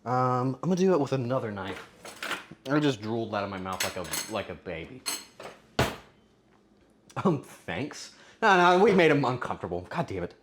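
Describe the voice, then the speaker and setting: A man streaming casually while cooking and tasting, joking crudely and bursting into loud exclamations. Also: medium pitch, sing-song, moderate pace, long pauses, background noise. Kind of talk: casual cooking livestream chatter.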